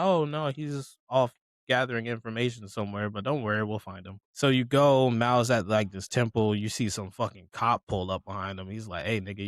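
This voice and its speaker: A man's voice: fairly low pitch, a bit bright, no room sound. A man casually recapping an anime episode, acting out characters' lines with profane slang. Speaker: podcast co-host.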